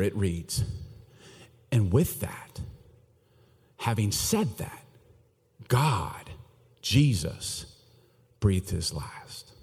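A man preaching a sermon to his church, joking one moment and hushed the next. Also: lowish voice, breathy edge. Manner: animated, joking, swings between loud and hushed. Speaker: pastor. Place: church hall. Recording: long reverb of a large church hall.

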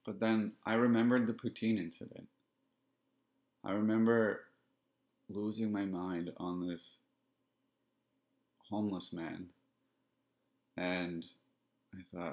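A man hosting a podcast, telling a personal story in a reflective, halting, candid way. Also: fairly low pitch, flat delivery. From Canada. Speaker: podcast host. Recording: dull lo-fi sound.

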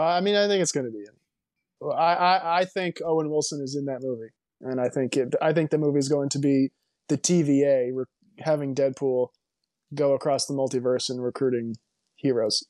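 A man's voice: mid-range voice, brisk, a little mellow, no echo, clean studio sound. A man co-hosting a casual movie podcast, rambling and emphatic, with lots of restarts and strong opinions. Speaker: podcast co-host.

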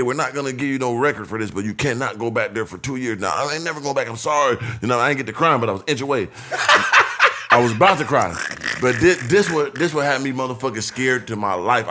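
A man's voice: medium pitch, a bit bright. A young man telling a story in casual, profane chat, acting out other people's voices and laughing often.

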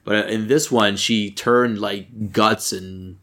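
A man co-hosting a podcast, chatting casually about a film, rambling and swearing and getting animated when something annoys him. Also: on the low side, slow, slight background noise. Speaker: podcast co-host. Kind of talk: casual movie review chat.

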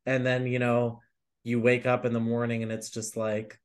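A young man co-hosting a casual music podcast, rambling and animated with lots of filler words. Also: medium pitch, moderate pace. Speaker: podcast co-host. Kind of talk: casual chat.

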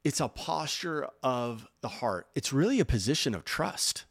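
A man preaching a sermon, earnest and encouraging, rising loud on key points and dropping soft and slow when he speaks of rest. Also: medium pitch, big pitch swings, gravelly. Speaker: pastor.

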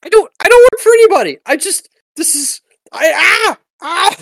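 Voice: very high voice, big pitch swings, moderate pace, creaky, a bit bright, no echo, pitched above the performer's own voice, exaggerated voice. A game master doing a frantic, whiny mugger. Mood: panicked. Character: panicked young male street mugger.

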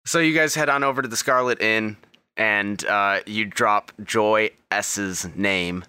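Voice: mid-range voice, unhurried, sharp tone, clear, resonant tone, no echo. A game master narrating a tabletop game casually, prompting each player in turn.

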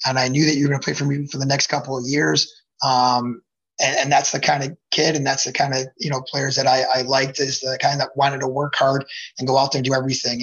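A man's voice: mid-range voice, a bit bright, highs cut off. A middle-aged man, a hockey coach, chatting as a podcast guest and rambling with many fillers and restarts. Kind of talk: casual podcast chat.

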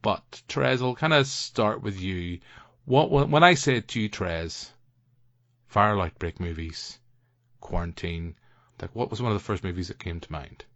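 A man's voice: lowish voice, moderate pace, a bit bright, dry recording. A man with a Northern Irish accent hosting a podcast, bantering and teasing his co-hosts and putting on voices for others. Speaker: podcast host. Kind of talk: casual chat. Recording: dry, muffled lo-fi audio.

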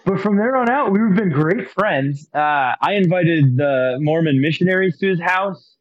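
A man's voice: high-pitched, expressive, moderate pace. A man in casual podcast chat, rambling and hesitant, with many fillers. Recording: slightly dull lo-fi sound.

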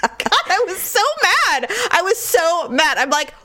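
A woman in casual chat, telling a story with animated mimicry and frequent laughter. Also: very high-pitched, unhurried.

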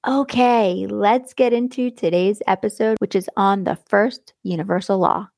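A woman's voice: medium pitch, fairly even intonation, normal speed, gravelly, a little mellow, no room sound, studio quality. A middle-aged woman hosting her own podcast, talking in an enthusiastic, affectionate way and stretching words for emphasis. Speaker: podcast host. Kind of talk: warm motivational podcast monologue.

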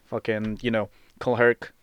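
Man, clear smooth voice, halting earnest talk, dry close mic. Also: on the low side, completely flat delivery, no echo, dull audio. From Poland. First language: Polish. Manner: earnest, halting, repeats words. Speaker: podcast co-host. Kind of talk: casual chat.

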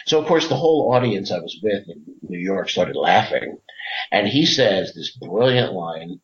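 A man's voice: on the low side, sing-song, fairly quick. A man guesting on a podcast, telling rambling, enthusiastic stories with lots of fillers and restarts. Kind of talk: casual interview chat. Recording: dull lo-fi audio.

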